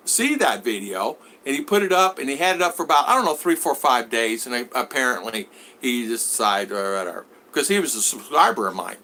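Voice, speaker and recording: A man's voice: mid-range voice, pushed and bright. A man vlogger chatting casually on a live stream, telling rambling stories and acting out the people in them. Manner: rambling storyteller who acts out voices.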